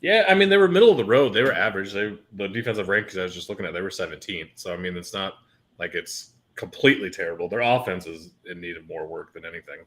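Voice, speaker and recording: A man's voice: sits low, quick pace, a bit bright. A man co-hosting a casual sports podcast, blunt and crude, swearing freely. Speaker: podcast co-host.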